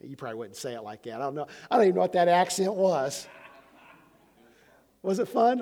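A man's voice: high voice, sing-song, brisk, long pauses, mellow. A man in his fifties preaching a conversational sermon as pastor, often restarting and repeating words. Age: 50s. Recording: long hall reverb.

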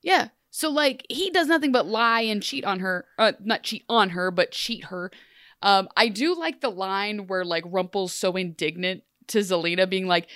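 Animated woman recapping a show. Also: medium pitch, normal speed, no echo, clean studio sound. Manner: animated, self-deprecating, laughing. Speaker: podcast co-host. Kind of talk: casual TV recap chat.

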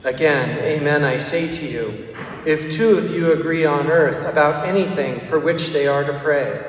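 A man's voice: a little high, a little hiss or hum. Man reading scripture in a vast echoing church. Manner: measured, formal. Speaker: gospel reader at Mass. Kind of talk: liturgical gospel reading. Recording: distant mic in echoey church.

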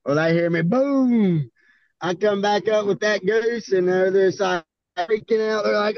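A man's voice: high-pitched, unhurried, highs cut off. A man from Arkansas with a Southern accent, telling rowdy stories in a casual, profane, laid-back way as a podcast guest. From Arkansas, USA. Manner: profane, laid-back drawl, laughing storyteller. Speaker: podcast guest, bull rider. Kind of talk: casual storytelling.

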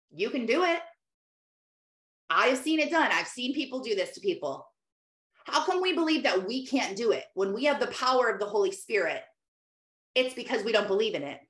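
A woman's voice: mid-range voice, a bit bright. A middle-aged woman giving earnest devotional teaching, exhorting listeners between loose asides. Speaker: Christian teacher. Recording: roomy echo.

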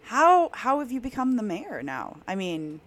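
A woman's voice: a little high, wildly swooping pitch, a little slow. A woman hosting an HR podcast who reacts with enthusiasm and laughs readily. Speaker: HR podcast host. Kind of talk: casual interview chat.

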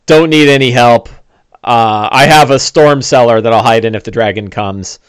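A man voicing a brisk, self-reliant farm woman. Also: medium pitch, smooth, dry recording, close to an everyday voice.

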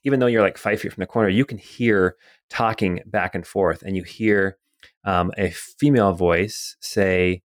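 A man narrating a tabletop game as game master, relaxed, with many fillers. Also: deep voice, moderate pace, no room sound, clean studio sound.

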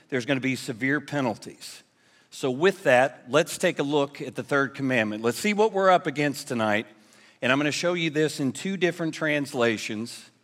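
A pastor preaching a sermon, playful with jokes and then earnest. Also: male voice, mid-range voice, fairly bright tone, big-room sound. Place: church sanctuary.

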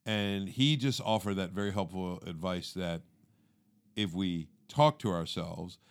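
A man co-hosting a faith podcast, explaining scripture in a casual, animated way and acting out everyday inner thoughts. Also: low-pitched, a little slow, clear, resonant tone. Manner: animated, acts out inner monologue; calls listener "dude". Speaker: podcast co-host. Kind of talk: conversational teaching.

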